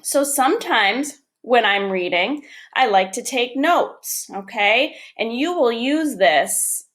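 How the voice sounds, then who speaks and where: A woman teaching young children, reading a picture book aloud and explaining step by step in a gentle, encouraging way. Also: fairly high pitch, lively intonation, takes it slowly. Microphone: camera or phone on a desk.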